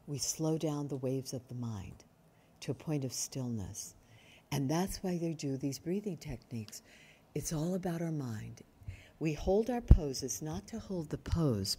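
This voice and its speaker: Older female yoga teacher, slow and husky, gently explanatory. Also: deep voice. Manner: calm, explanatory, asks the audience questions. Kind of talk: workshop lecture. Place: retreat workshop room.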